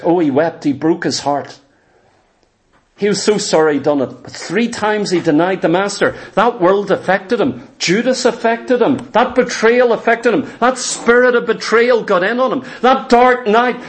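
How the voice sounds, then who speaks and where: High-voiced preacher, fervent. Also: male voice, unhurried. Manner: fervent, emphatic, repeats for stress. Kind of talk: sermon.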